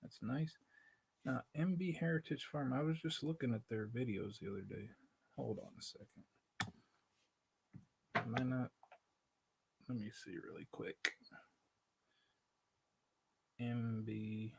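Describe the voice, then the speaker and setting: This livestream host's mid-range voice is creaky, measured in pace, and full of pauses, with noisy background behind him. Talking into his laptop mic in a Spanglish accent, he rambles casually, breaks into his own sentences, and laughs a lot.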